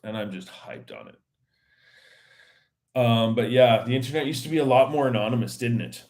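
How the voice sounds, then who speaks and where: A man's voice: mid-range voice, animated, moderate pace, darkish tone. A man hosting his own podcast, chatting casually on his own in a rambling, slangy way with many fillers and restarts. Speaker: podcast host. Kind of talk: casual solo chat.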